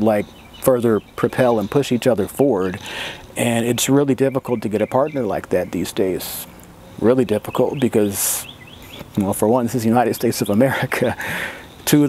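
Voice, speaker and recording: A man's voice: medium pitch, mellow, slight background noise. A man vlogging in a casual, profane storytelling manner, laughing often as he talks.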